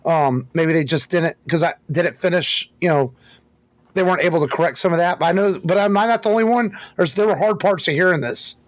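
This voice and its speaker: A man with a slightly higher voice chats about a film on a podcast in a loose, rambling way. The sound is dry and close, with no room echo. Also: a little fast. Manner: loose, conversational, frequent "like". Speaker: podcast co-host. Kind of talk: casual movie discussion.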